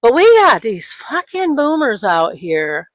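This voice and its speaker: A woman's voice: fairly high pitch, sing-song, a little slow, no echo. Gen x lady ranting on a podcast, swears a lot, mocks people in silly voices, dry room. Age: 40s or 50s. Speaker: podcast co-host. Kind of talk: casual political chat.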